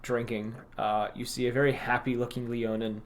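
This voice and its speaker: A man's voice: mid-range voice, flat delivery, moderate pace. A man narrating a tabletop role-playing game as game master, loose and rambling, with many fillers.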